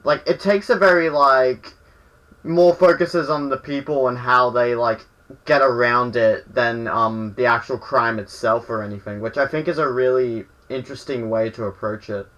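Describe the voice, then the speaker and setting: A man's voice: medium pitch, normal speed, a bit bright, rough recording. An Australian man, a guest on a film podcast, rambling casually with lots of fillers. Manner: rambling, lots of "like" and "you know".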